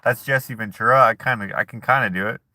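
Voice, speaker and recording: A man's voice: mid-range voice, quick pace, pushed and bright. A man hosting a casual live chat who reads viewer comments aloud and jokes and laughs at himself in a laid-back way. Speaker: streamer host.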